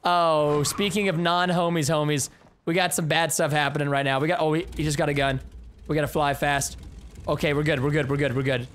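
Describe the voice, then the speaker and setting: Excitable young man streaming gameplay. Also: fairly high pitch, a little hiss or hum. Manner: excitable, rapid banter, bursts of yelling at the game. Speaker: gaming livestreamer. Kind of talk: live gameplay commentary.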